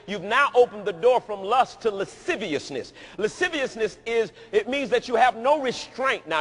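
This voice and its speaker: A man preaching a sermon in a large dome, emphatic and repetitive, rising to shouts. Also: sits high, animated, moderate pace, few pauses. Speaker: pastor.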